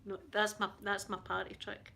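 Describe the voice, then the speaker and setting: A middle-aged woman with a thick Scottish accent chats softly with her live viewers. She rambles through stories, laughing often as she goes. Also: medium pitch, monotone, normal speed, vocal fry. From Scotland. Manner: chatty, laughs often, soft-spoken. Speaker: livestream host. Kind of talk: casual chat with live viewers.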